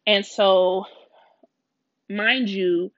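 A young woman hosts a faith podcast, opening up in a confessional, emotional way and scattering casual slang through her talk. Her voice sits at a middling pitch and comes across dry and close, with no room sound, on a slightly muffled lo-fi recording. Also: steady tone, drawn-out words, no room sound. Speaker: podcast host. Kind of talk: candid faith podcast monologue.

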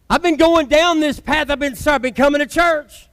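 A male pastor preaches in a loose, conversational way with a strikingly high voice. He leans hard on key words and lets dramatic pauses hang. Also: fairly bright tone. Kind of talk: sermon.

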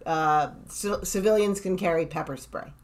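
A woman's voice: on the low side, moderate pace. A woman co-hosting a casual rewatch podcast and making dry, jokey asides. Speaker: podcast co-host.

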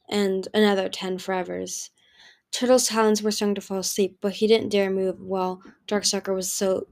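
A woman narrating a fantasy novel as an audiobook, steady storytelling with occasional restarts. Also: mid-range voice.

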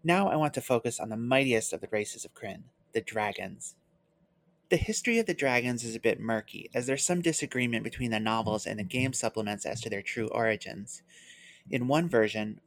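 Scripted podcast host, measured delivery, dry close mic, mid pitch. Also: dry recording.

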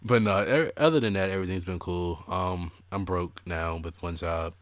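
Sitting low in pitch, this young man's voice moves at a normal speed without echo. He co-hosts a podcast, chatting casually and telling animated stories while acting out what people said.

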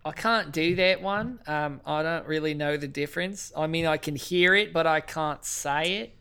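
A woman's voice: sits low, normal speed, a bit bright, smooth. A woman chatting on an improvised comedy podcast, joking and swearing freely as she rambles. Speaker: podcast guest.

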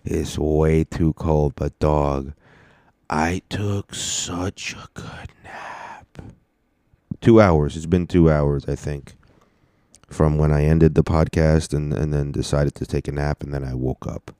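Deep-voiced laid-back man podcasting. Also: steady tone, a little slow, dark tone, clear, resonant tone, no echo, clean studio sound. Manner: rambling, profane, laid-back slang. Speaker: podcast host and stand-up comedian. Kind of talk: casual solo podcast rambling.

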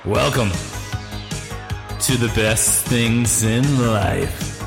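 Guy doing a super slow gravelly intro voice, music playing underneath. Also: on the low side, pitched below the performer's own voice, heavily acted. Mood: announcing. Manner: drawn out, gravelly.

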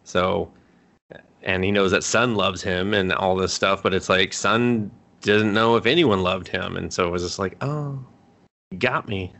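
A man co-hosts a podcast, casually retelling an anime plot in a low, gravelly voice at a normal pace. He's animated, acting out the characters' lines and swearing freely throughout this laid-back anime review chat.

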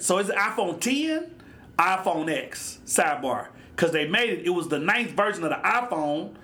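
A man hosting a solo podcast, joking and hopping between topics and sidebars in a loose, animated way. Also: high voice. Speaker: podcast host. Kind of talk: casual solo podcast monologue.

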